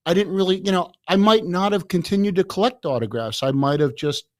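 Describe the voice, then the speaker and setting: Older male guest, raised near Chicago, spins animated stories with frequent chuckles, slightly high voice, dry close mic. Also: fairly quick, dry recording. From Chicago area, USA. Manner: lively, laughs often, repeats words. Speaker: guest, author. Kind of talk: anecdotal storytelling in a podcast interview.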